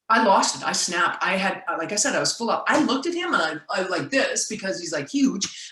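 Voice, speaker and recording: A woman referee telling an animated story on a call, acting out quoted lines in a loud voice. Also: mid-range voice, moderate pace, roomy sound, low-quality recording. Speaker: basketball referee and session speaker. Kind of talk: storytelling talk on a video call.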